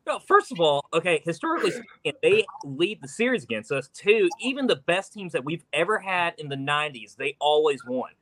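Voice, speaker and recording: A man's voice: on the high side, very animated, a little fast, few pauses, a bit bright, dry recording, rough recording. A young man arguing casually and pessimistically on a sports talk show, with lots of "like.". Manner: pessimistic, argumentative, filler-heavy.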